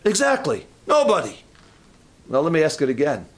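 Emphatic high-voiced male preacher. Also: huge pitch swings, normal speed. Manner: emphatic, asks the congregation questions. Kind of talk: sermon. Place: church.

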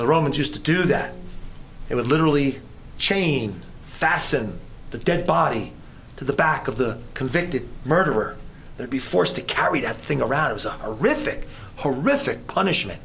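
A man preaching an evening sermon, animated, his voice climbing high as he voices questions to God. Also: creaky, a little hiss or hum. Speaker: pastor.

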